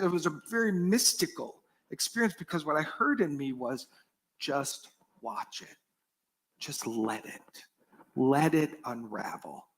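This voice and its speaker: A middle-aged male pastor giving an earnest sermon, shifting often from strong emphasis down to soft, almost whispered phrases. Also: a little high. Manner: earnest, varied dynamics, drops to soft near-whispers.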